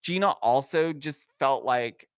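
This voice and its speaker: A young man co-hosting a casual recap chat, talking fast with lots of "like" and joking asides. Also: mid-range voice, smooth, no room sound. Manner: fast, filler-heavy, joking. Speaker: podcast co-host.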